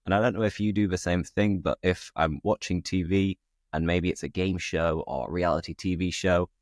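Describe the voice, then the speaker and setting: A man's voice: deep voice, steady tone, moderate pace, dry recording, studio quality. A British man hosting a podcast, chatting casually and laughing at his own jokes. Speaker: podcast host, English teacher.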